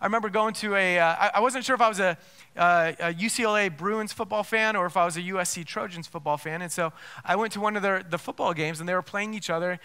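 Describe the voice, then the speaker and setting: Bright, high-voiced man preaching. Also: quick pace, clear, resonant tone. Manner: emphatic preaching with repeated restarts and rhetorical questions. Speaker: pastor. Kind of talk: sermon.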